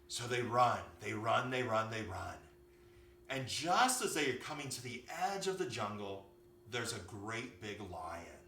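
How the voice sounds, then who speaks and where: Man, yoga teacher telling a kids' story, lively expressive voice, bright, echoey room with faint hum. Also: medium pitch, normal speed, distant mic. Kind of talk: storytelling for children.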